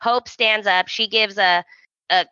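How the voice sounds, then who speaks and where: Bright, animated woman recapping with flair. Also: mid-range voice, unhurried, no room sound, lo-fi sound. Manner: animated storytelling, acting out characters' lines. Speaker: podcast co-host. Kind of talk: casual recap chat.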